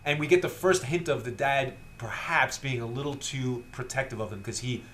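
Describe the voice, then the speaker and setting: A man's voice: moderate pace, slight background noise. A man co-hosting a film review podcast, chatting casually and acting out lines from scenes as he retells them. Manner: animated retelling, acts out quotes in high voices. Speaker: podcast co-host, film critic.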